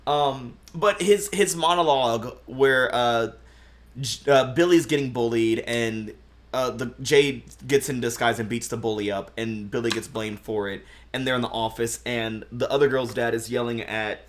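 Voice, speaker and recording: A man's voice: mid-range voice, moderate pace. Man ranting casually about a show. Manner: swearing, rambling retelling with acted quotes. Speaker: podcast co-host. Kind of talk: casual chat.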